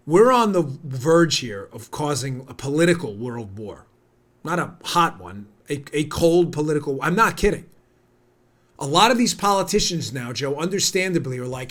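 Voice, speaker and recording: An American man in his forties hosting a political commentary podcast, heated and indignant, his voice climbing toward near-shouting. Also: on the high side, very animated, moderate pace. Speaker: podcast host.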